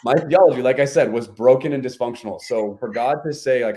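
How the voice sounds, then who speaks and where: A man's voice: mid-range voice, fairly quick, mellow, a little hiss or hum. A man, a podcast guest, telling a personal story in earnest conversation, often saying "like" and "right?".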